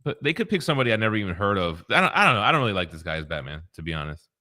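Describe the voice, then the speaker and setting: A man's voice: lowish voice, sing-song, very fast, bright, forceful tone. A man hosting a casual talk show, easygoing and teasing, laughing often and reading out viewer comments. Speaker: host.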